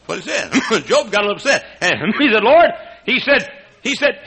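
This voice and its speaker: An older Texas pastor with a Texan accent preaches a sermon, moving from hushed, tender low passages to high, shouted preaching and chuckling often. His pitch swings widely at a normal pace, with a gravelly, breathy edge, in a low-quality recording.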